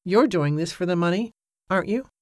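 A reader voicing Evangeline, an anxious, proud widow who speaks earnestly and answers back sharply. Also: female voice, lowish voice, lively intonation, a little fast, no echo, studio quality, lightly acted. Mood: defiant. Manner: earnest, pleading then sharp. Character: anxious, proud widow facing a dangerous venture.

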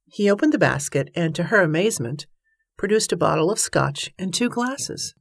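A woman narrating a novel in even, measured tones. Her voice sits slightly low. The recording is close and dry, with no room sound. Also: gravelly, slightly rough, no room sound. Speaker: audiobook narrator. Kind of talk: scripted narration.

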